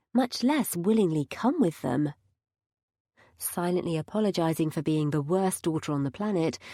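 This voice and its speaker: A woman's voice: on the low side, dark tone, no room sound. A woman narrating a first-person audiobook with wry, dry humour.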